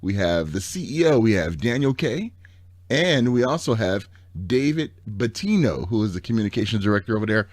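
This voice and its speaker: A man hosting a tech radio show, his voice raspy from allergies, talking in a playful, chatty way. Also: big pitch swings, normal speed, no echo. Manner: playful, chatty, drops into a low murmur.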